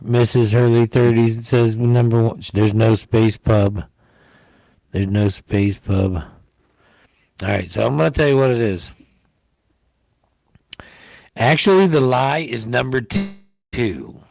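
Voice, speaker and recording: A man's voice: mid-range voice, fairly even intonation, slow, vocal fry, dark tone, dry recording. A man hosting a casual livestream game, rambling and jokey and often repeating himself. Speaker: livestream host.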